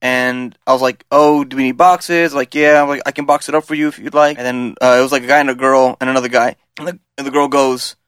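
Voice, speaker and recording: A man's voice: medium pitch, fairly even intonation, fast talker, few pauses, fairly bright tone, clean tone, dry recording. A young man from the San Francisco Bay Area telling a work story in casual, rambling chat, acting out the dialogue with lots of "like". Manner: rambling, acts out quoted dialogue with filler "like".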